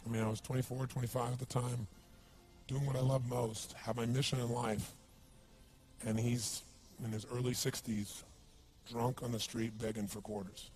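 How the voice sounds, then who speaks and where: A man's voice: mid-range voice, flat delivery, normal speed, darkish tone, soft background music. A man giving an emphatic seminar talk, telling stories and quizzing his audience. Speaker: motivational speaker.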